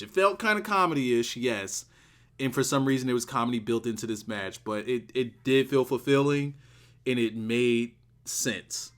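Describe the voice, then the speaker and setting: Male reviewer, mid-pitched, casual solo talk, excitable, rambling, hammers words through repetition. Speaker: wrestling show reviewer.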